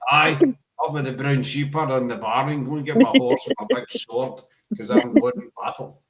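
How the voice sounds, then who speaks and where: A man putting on a blustering Highland warrior with a Scottish Highland accent, calling for his horse and sword in a gruff, boastful way. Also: wildly swooping pitch, moderate pace, heavily acted.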